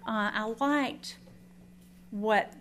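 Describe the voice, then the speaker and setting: A woman's voice: fairly high pitch, very slow, fairly bright tone, a little hiss or hum. A woman teaching a Bible study in an earnest, conversational way, with folksy asides.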